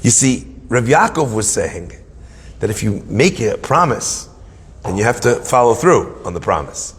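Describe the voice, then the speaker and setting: A man giving a storytelling Torah lesson, acting out the quotes and swinging between hushed and emphatic. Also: mid-range voice, sing-song, measured pace, big-room sound. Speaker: rabbi giving a Torah talk.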